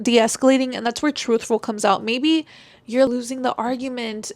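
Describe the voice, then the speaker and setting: Woman giving casual relationship advice, gravelly fry, dry close sound, says like a lot. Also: fairly high pitch, no room sound. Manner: chatty, frequent "like" fillers.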